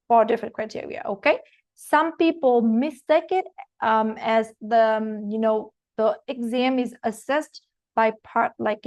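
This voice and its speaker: A woman teaching IELTS exam prep speaks English with a non-native accent in a dry recording of an online masterclass lecture. Her voice sits on the high side, and she walks through each point step by step, peppering it with fillers and frequent "okay?" check-ins.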